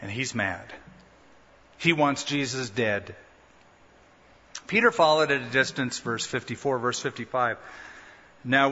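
A pastor preaches a sermon, teaching conversationally with rhetorical questions and humorous asides. His voice is medium-pitched with a sharp tone, and the recording is dull and lo-fi with long hall reverb.

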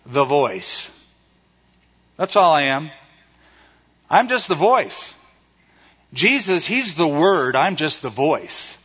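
A preacher voicing a humble prophet, quiet and slow. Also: male voice, fairly high pitch, big pitch swings, husky, heavily acted. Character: humble male prophet, plainspoken and modest. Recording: echoey hall, slightly dull sound.

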